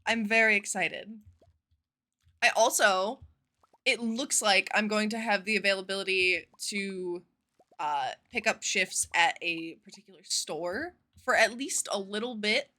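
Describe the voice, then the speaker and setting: Bright, chatty woman streamer. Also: medium pitch, measured pace. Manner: chatty, profane, expressive storytelling. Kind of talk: casual live-stream chat.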